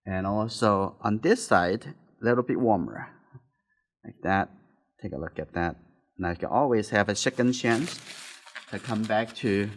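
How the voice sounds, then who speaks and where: Soft-spoken man teaching painting. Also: fairly low pitch. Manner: soft-spoken, talks while painting, nonnative phrasing. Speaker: art teacher. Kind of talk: painting demonstration.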